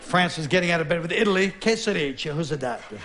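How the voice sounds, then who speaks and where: On stage before a laughing audience, a man delivers a wry, sardonic stand-up routine in a conversational way. His voice sits high with fairly even intonation, he talks at a racing pace, and there's background noise.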